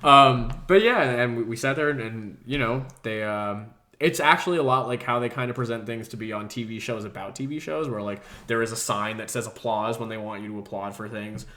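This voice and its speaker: A young man co-hosting a casual podcast. He talks at a middling pitch and wanders through a long anecdote. He curses offhandedly and slips into other people's voices when he quotes them. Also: a little fast, few pauses, sharp tone. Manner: rambling storyteller, swears casually. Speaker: podcast co-host.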